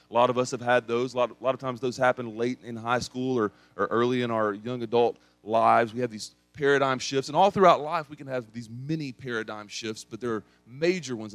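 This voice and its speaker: Preaching with a regional East Tennessee accent, a young adult pastor from that area tells a story through big shifts in pitch and volume. There's no echo on the recording.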